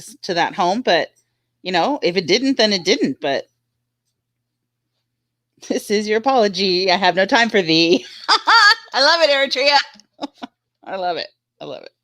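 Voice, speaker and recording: A woman's voice: mid-range voice, a bit bright, no echo. A woman chatting casually on a live stream, laughing often and telling stories about her dog.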